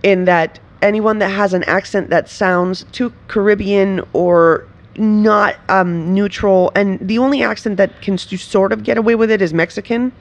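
An animated woman from Venezuela, guesting in a casual interview. She laughs often, restarts her sentences, and keeps the talk lively. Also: medium pitch, moderate pace, hardly any pauses. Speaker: writer and performer guest.

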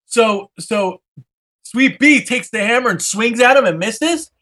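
High-voiced man telling a wild story. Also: measured pace. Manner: animated, swears freely, acts out every character. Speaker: podcast host. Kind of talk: casual storytelling.

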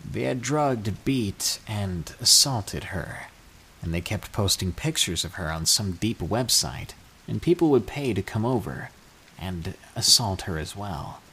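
A man reading true scary stories aloud, with an expressive storytelling delivery. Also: fairly low pitch, measured pace, husky. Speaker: narrator.

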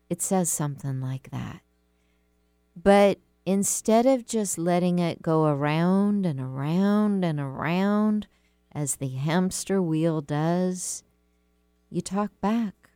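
A woman in her fifties hosting a talk radio show as a life coach, giving earnest, gentle advice and acting out inner voices. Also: on the low side, expressive, takes it slowly, clean tone, dry recording, studio quality. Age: 50s.

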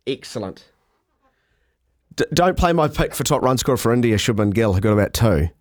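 A man hosting a cricket podcast in casual, animated, self-mocking chat. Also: mid-range voice, a little fast, no room sound, studio quality.

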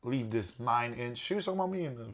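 A man's voice: mid-range voice, lively intonation, quick pace. A young man co-hosting a casual relationship-advice podcast, blunt and matter-of-fact. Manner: blunt, matter-of-fact, keeps insisting it's facts. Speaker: podcast co-host.

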